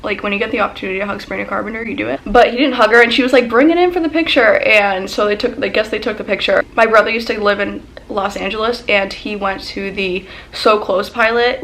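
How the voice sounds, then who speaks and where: A young woman vlogger telling a casual storytime as an excited fangirl, full of "like" and quoted dialogue. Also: medium pitch. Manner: excited fangirl gushing, lots of "like".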